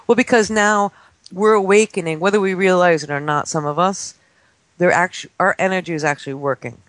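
Brief: man, forties, radio guest, animated storyteller who mimics kids, dry close studio sound. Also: sits high, fairly quick, no room sound. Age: 40s. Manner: excitable storyteller acting out children's voices. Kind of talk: casual talk-radio chat. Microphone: studio microphone.

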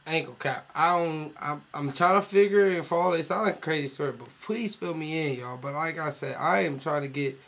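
A man's voice: fairly high pitch, brisk, hardly any pauses, fairly bright tone. A man hosting a reaction video, chatting casually and straight to his viewers in slangy, laid-back talk.

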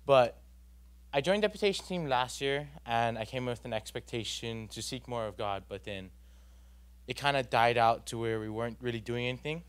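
A man's voice: medium pitch, moderate pace, smooth. A young man, giving an earnest, rambling personal testimony at a church youth gathering, full of fillers and restarts.

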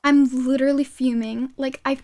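A woman streaming a game live, excitable and yelling her reactions, her throat sore from shouting. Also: high-pitched, normal speed.

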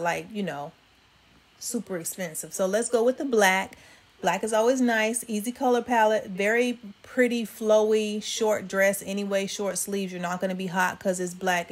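A woman hosting a fashion vlog, chatting casually with viewers about outfits. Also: medium pitch. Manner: chatty, addresses viewers as y'all. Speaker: fashion vlogger. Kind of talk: casual styling commentary.

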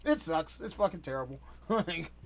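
A man's voice: a little high, animated, normal speed, a crowd in the background. A man hosting a reaction video, chatting casually and laughing often as he talks over a clip.

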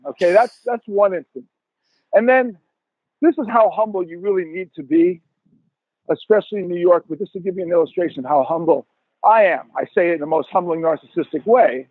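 A man in his sixties, a guest musician telling profane, animated stories in a podcast interview over a tinny phone line. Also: high-pitched, brisk, no room sound.

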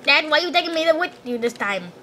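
A woman's voice: high-pitched, expressive, a little fast, pushed and bright, a little hiss or hum, voice pushed up. A woman voicing a young son in a game who whines and pleads with his father. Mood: whiny. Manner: whiny, pleading.

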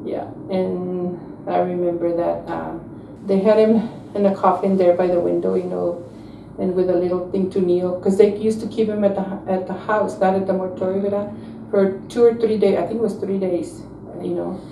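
An older woman from South Texas, slowly and reflectively remembering her childhood in an oral history interview. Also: lowish voice, fairly even intonation, creaky, dark tone. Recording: roomy, distant mic with faint noise.

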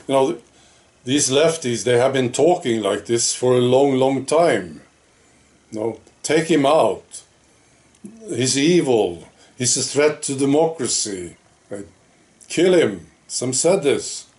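Speaking in an unhurried, drawn-out way, a political vlogger gives a casual opinion monologue to his viewers. His mid-range voice is expressive with a darkish tone, and he leans on rhetorical questions and little asides like "right?" and "you know".

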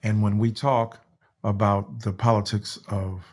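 A man's voice: on the low side, flat delivery, a little slow, darkish tone, husky. An American man in a video call, reading aloud in an impassioned, emphatic way and stopping to apologize. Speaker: guest author. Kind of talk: reading aloud in a virtual talk.

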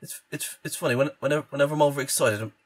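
A man with a cold reacting to anime clips in a casual vlog, excitable and stumbling over his words. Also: fairly high pitch, very fast. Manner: stammering, excitable, restarts often. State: congested from a cold.

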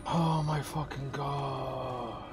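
A man's voice: mid-range voice, fairly even intonation, extremely slow, music in the background. A male streamer giving live commentary on a horror game, jumpy and swearing a lot while talking to his chat.

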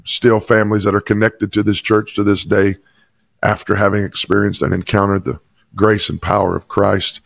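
A man's voice: lowish voice, flat delivery, moderate pace, creaky, a bit bright, dry recording. A pastor from Chattanooga, a man, telling an emphatic personal testimony in an interview. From Chattanooga, Tennessee. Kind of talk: interview storytelling.

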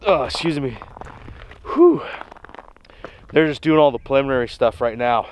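A man's voice: medium pitch, expressive, normal speed, a little hiss or hum. A man who runs a small family farm, talking in a chatty, down-to-home way as he walks through a casual farm vlog. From Nebraska. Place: farmyard outdoors, then inside a torn-up house.

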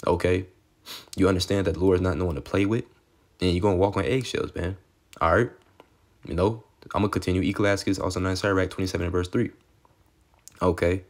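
A man with a very low, gravelly voice preaching a casual street-style sermon. He reads scripture and then riffs on it in a loose, conversational way, peppering his lines with "okay" and "man." He gets excitable and sometimes drops to a low murmur. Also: quick pace, pauses often.

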